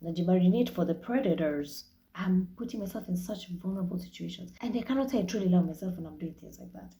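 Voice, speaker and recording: Frank, mellow-voiced Kenyan woman. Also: lowish voice, expressive, quick pace. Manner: frank and profane, mixing in Swahili phrases. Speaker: podcast host. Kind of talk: candid solo podcast monologue.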